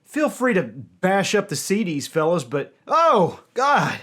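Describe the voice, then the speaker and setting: Guy reacting to a music video, high lively voice, yelps a lot, faint music behind. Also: takes it slowly. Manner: exclamatory, loud cries of dismay; addresses audience as ladies and gentlemen.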